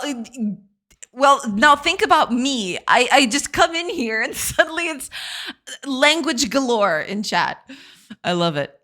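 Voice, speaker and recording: Woman game-dev streamer, casual and chatty, giggles a lot; unhurried, very animated intonation. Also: fairly high pitch. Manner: giggly, chatty, reads chat aloud. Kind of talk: casual live-stream chat.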